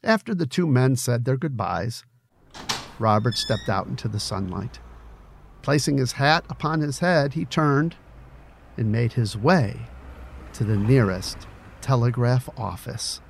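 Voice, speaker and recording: A man's voice: medium pitch, lively intonation, measured pace, vocal fry, noisy background. A man reading his own novel aloud, then chatting casually about it with many hesitations and fillers. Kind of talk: audiobook narration then casual commentary.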